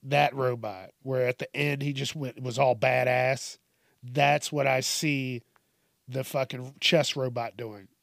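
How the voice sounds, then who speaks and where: A man's voice: mid-range voice, fairly even intonation, takes it slowly, creaky, fairly bright tone, dry recording, clean studio sound. A man hosting casual comedic news commentary, swearing often, laughing and riffing on stories.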